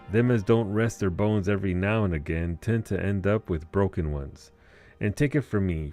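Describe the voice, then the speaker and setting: A gruff innkeeper with a rough sailor's brogue, as a man reads his game dialogue aloud. The voice sits very low and deep, dropping letters with salty humor, while faint music runs underneath. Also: darkish tone, natural voice. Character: gruff male innkeeper, seafaring guild boss, rough-humored.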